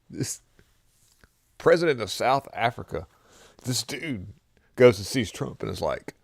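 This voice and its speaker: A man's voice: medium pitch, expressive, takes it slowly, vocal fry, long pauses, slightly rough, no echo, clean studio sound. A man casually commenting on a political clip, mocking and incredulous and laughing often.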